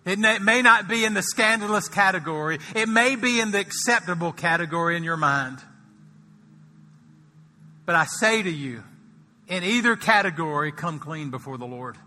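A man preaching a sermon as pastor, swinging from soft, slow lines to loud, high-pitched emphasis. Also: lively intonation, big-room sound, faint music behind.

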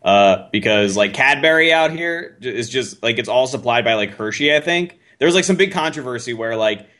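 A young man from the United States with a bright, forceful voice rants crudely and jokingly on a casual podcast. His pitch sits mid-range, and laughter breaks through often. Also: animated, a little fast. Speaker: podcast co-host. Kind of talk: casual chat.

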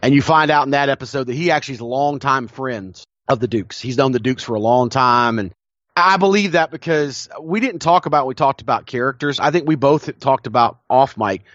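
A man's voice: mid-range voice, fairly quick, fairly bright tone, no echo. This is a man with a Southern American accent co-hosting a casual podcast. He tells stories with gusto and laughs easily. His voice is dry and slightly muffled, as if on a modest home mic. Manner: enthusiastic storyteller, laughs often. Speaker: podcast co-host. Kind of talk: casual chat.

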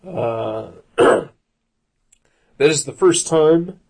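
Gravelly, husky male co-host; casual film chat, halting with fillers. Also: a little high, expressive, a little mellow. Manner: rambling, many fillers and restarts.

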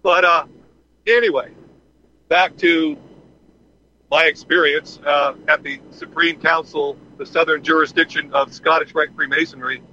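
A man tells a rambling story in a casual, unscripted way, stumbling over fillers and restarts. His voice sits a little high and bright. The sound is dull and lo-fi, like a call coming from underground. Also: fairly even intonation, measured pace, a little hiss or hum. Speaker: podcast host. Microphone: phone call from underground.

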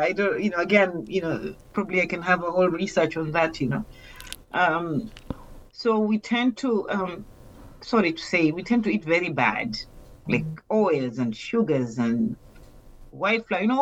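A woman's voice: fairly low pitch, slightly rough. Chatty Kenyan-born woman, lo-fi. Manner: chatty, filler-heavy, laughs often. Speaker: podcast guest. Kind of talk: casual interview chat. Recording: muffled lo-fi sound.

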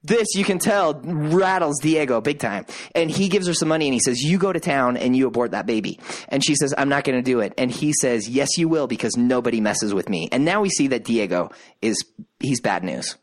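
A man co-hosting a podcast, casually retelling a TV drama plot with lively quoted voices. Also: fairly quick. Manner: animated storyteller, voices quotes with rising pitch. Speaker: podcast co-host. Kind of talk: casual chat, recapping a TV drama.

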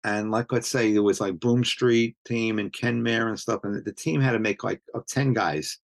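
A man's voice: fairly low pitch, fairly even intonation, normal speed, vocal fry, dry recording. A man, telling stories in casual chat, rambling with many restarts. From Brooklyn, New York. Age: 70s. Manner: rambling, full of restarts and you-knows. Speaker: interviewee, street photographer.

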